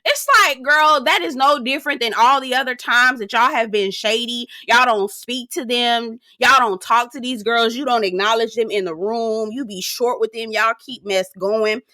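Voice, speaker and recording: A woman's voice: on the high side, steady tone, normal speed, few pauses, pushed and bright, no room sound, studio quality. A woman recapping a reality show in casual commentary, sassy and profane, mimicking the cast and laughing often.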